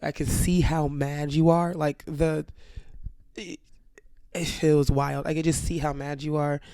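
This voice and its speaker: A woman co-hosting a podcast, telling a story in a blunt, animated way with plenty of swearing. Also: low voice, measured pace, no echo, studio quality. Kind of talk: casual storytelling chat.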